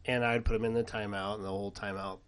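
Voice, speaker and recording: A middle-aged man co-hosting a podcast, telling family stories in casual chat and getting animated when he quotes his kids. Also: fairly low pitch, quick pace. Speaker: podcast co-host.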